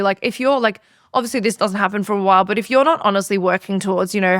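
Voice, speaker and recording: A woman's voice: medium pitch, no room sound, clean studio sound. An Australian woman hosting a podcast, a business owner chatting casually, acting out dialogue as she tells stories and swearing freely. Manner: lively storyteller who acts out dialogue, swears freely. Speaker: podcast host.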